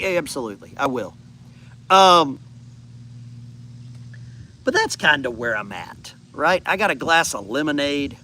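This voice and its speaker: A man's voice: a little high, very animated, moderate pace, pauses often, bright, forceful tone, a little hiss or hum. A man in his fifties from the United States, hosting a casual backyard chat and rambling through answers to viewer comments. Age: 50s. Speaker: channel host. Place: outdoors in a backyard.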